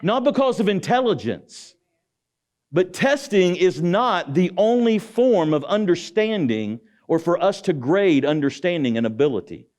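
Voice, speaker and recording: A man's voice: high voice, big pitch swings, a little slow, a little mellow. A middle-aged man giving a motivational speech in an auditorium, preaching and calling out to the audience with rhetorical questions. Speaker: guest speaker.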